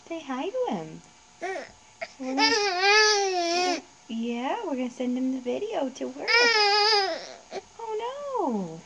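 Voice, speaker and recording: A woman's voice: high-pitched, sing-song, slow pace, vocal fry, long pauses, background noise. A mother filming a home video, talking to her baby in a coaxing, sing-song way.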